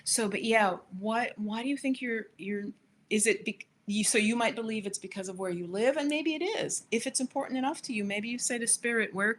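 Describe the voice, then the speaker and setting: A woman's voice: on the high side, brisk, slight background noise. A woman coaching viewers on a live stream, telling a personal story with frequent direct asides to them. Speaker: spiritual manifestation coach hosting a live stream.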